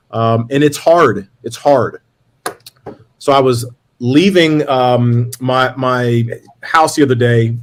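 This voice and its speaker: Middle-aged male host, mid-pitched, earnest and confessional, tells stories and voices both sides. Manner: earnest, confessional, quotes himself and his son. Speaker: podcast host. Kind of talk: candid storytelling to a panel.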